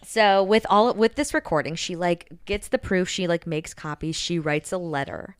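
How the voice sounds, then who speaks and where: A woman with a somewhat low voice runs through a story's plot in relaxed podcast chat. She is chatty and casual, leans on "like" and swears freely. She is recorded close to the mic, dry and without room sound. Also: normal speed, smooth, no room sound. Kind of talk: casual chat recapping a novel.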